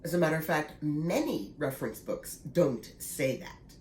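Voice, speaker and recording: A woman's voice: sits low, animated, measured pace, darkish tone. A woman in her sixties, slightly congested, chatting casually and laughing easily in a knitting vlog. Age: 60s. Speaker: knitting vlogger. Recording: echoey room with faint noise.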